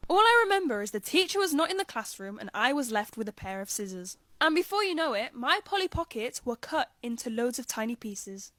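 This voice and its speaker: A woman's voice: sits high, a bit bright, no echo. A woman chattily telling a school storytime. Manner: chatty and confiding. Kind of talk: storytime narration.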